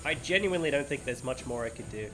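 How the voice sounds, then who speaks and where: Over game music, an adult man keeps up live chatter during his stream, rambling playfully and laughing at himself. His medium-pitched voice is expressive and moves at a quick pace.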